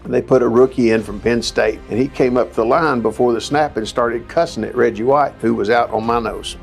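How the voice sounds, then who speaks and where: A former football lineman telling an anecdote in an animated storytelling way. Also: medium pitch, a little fast, gravelly, soft background music.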